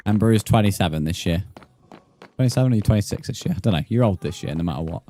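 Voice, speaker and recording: A man's voice: lowish voice, expressive, racing, warm tone, a little hiss or hum. A man in his twenties, streaming a game live and chatting casually with viewers, swearing often. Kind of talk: casual live gameplay commentary.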